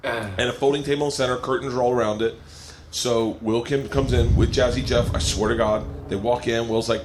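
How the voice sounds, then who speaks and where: A man's voice: medium pitch, fairly even intonation, fairly quick, background noise. A middle-aged male comedian telling rambling, profane anecdotes on a podcast, often breaking into laughter. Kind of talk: storytelling podcast chat.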